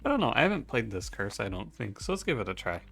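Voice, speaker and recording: A man's voice: on the low side, big pitch swings, fast talker, creaky, fairly bright tone. A man giving casual gameplay commentary, sleepy from just waking up, rambling and thinking aloud as he plays. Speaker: gaming YouTuber. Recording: faint background music.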